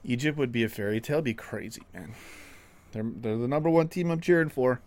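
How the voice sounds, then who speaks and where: A man's voice: mid-range voice, fairly quick, a little mellow, a little hiss or hum. A man from Canada hosting a casual football live stream, chatting and answering viewers in a self-mocking way. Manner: chatty, self-mocking, reads chat aloud. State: out of breath. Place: home room, window open.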